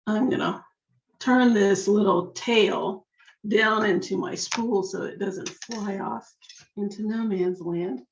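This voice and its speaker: A slightly hoarse woman teaching a jewelry-making craft step by step, chatting to herself as she works. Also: medium pitch, takes it slowly, slight background noise. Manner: chatty, talks to herself while working. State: slightly hoarse, losing her voice. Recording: echoey room, dull lo-fi sound.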